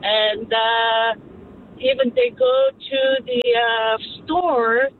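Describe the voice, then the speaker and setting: A woman's voice: on the high side, extremely slow. A woman calling in to a radio show, speaking English with an accent, hesitant and full of filler sounds. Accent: non-native English. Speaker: caller. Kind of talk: phone-in chat. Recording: tinny phone line with faint vehicle noise.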